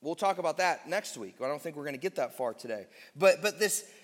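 A man's voice: on the high side, expressive, a little fast, a bit bright. A man preaching a sermon as pastor, teaching emphatically and drawing out key phrases of scripture. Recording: long hall reverb.

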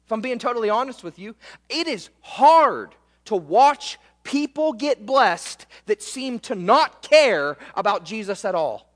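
A man's voice: sits high, very animated, a little slow, long reverb tail. A male pastor preaching a sermon in a conversational, emphatic way, often repeating words and returning to short refrains.

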